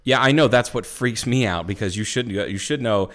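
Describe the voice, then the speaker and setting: A deep, smooth-voiced man, talking loosely and rambling. He restarts his sentences often and swears freely while he tells a story to his co-host in a casual podcast chat. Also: normal speed, hardly any pauses, fairly bright tone. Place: airplane hangar at night.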